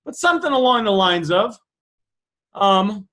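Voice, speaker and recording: Young man, high voice, bright tone, casual sales trainer, lots of fillers. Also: very animated, unhurried, rough recording. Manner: casual, thinks aloud with fillers. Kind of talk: live online class, reading student messages.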